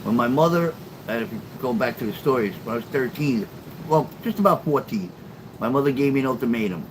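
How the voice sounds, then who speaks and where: Here a middle-aged live streamer talks briskly in a mid-range voice, casually rambling through a late-night stream. He answers viewers by name and swears freely and sarcastically at chat, and the rough recording has steady background noise.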